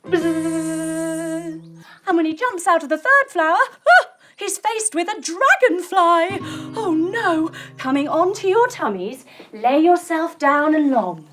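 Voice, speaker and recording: A young woman teaching a storytelling yoga lesson for children, playful and animated, adding buzzing sound effects. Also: extremely high pitch, normal speed, few pauses, faint music behind. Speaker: kids' yoga instructor.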